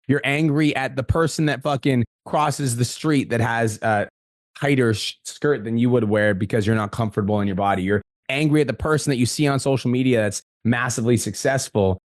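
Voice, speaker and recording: A man's voice: medium pitch, no echo, clean studio sound. A man hosting a podcast in casual chat, talking bluntly and swearing often. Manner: fast, blunt, swears a lot. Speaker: podcast host.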